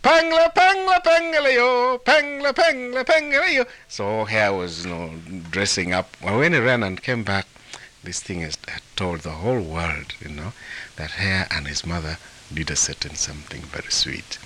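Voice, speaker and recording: A man from Africa, an author and translator of folktales, telling a story in an interview in an animated way, chuckling and repeating words. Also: low-pitched, moderate pace, husky.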